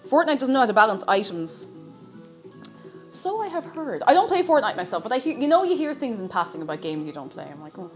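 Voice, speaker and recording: A woman chats casually to her live-stream audience while cooking. Her pitch swings up and down freely as she jokes, restarts and trails off mid-thought. Faint music plays underneath. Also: big pitch swings, a little fast. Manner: chatty, self-interrupting, playful.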